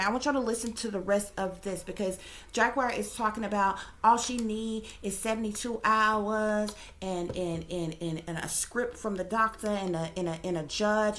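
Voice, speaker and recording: A woman's voice: mid-range voice, fairly bright tone. A woman hosting her channel as a psychic reader, giving casual commentary with emphatic, repeated "okay?" checks and casual swearing.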